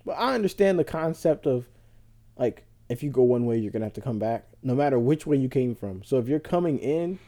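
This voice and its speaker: A man's voice: medium pitch, animated, brisk, dark tone. A man co-hosting a podcast in casual chat on a couch at home, easygoing and thinking aloud with many questions. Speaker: podcast co-host.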